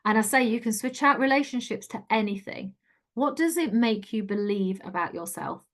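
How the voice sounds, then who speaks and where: A woman's voice: on the high side, expressive, normal speed, fairly bright tone. Chatty woman coaching. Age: middle-aged. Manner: chatty, earnest, encouraging. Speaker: life coach. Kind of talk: online coaching talk.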